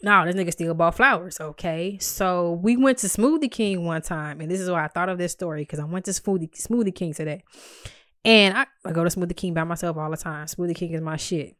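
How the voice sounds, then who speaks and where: A woman's voice: on the low side, fairly quick, fairly bright tone, dry recording, clean studio sound. Blunt, profane young woman telling a story. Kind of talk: casual storytelling.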